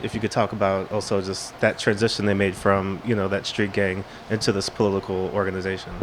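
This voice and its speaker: Audience man, lowish voice, hesitant question, faint background noise. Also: flat delivery, fairly quick. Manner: hesitant, full of restarts. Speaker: audience member asking a question. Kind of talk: question at a book talk.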